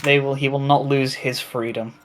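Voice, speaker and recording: A man co-commentating a live speedrun race, reacting quickly to the action with light teasing. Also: medium pitch, flat delivery, fairly bright tone, a little hiss or hum.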